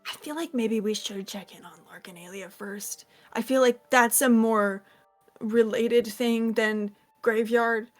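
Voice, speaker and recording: A woman's voice: fairly high pitch, steady tone, measured pace, faint music behind. A woman running a tabletop game, narrating scenes and joking casually with her players. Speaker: game master.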